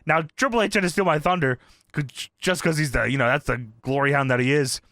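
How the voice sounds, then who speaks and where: A young man co-hosting a podcast, recapping in casual, excitable chat with frequent swearing. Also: fairly high pitch, quick pace, no room sound, clean studio sound. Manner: excitable, swears and laughs often. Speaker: podcast co-host.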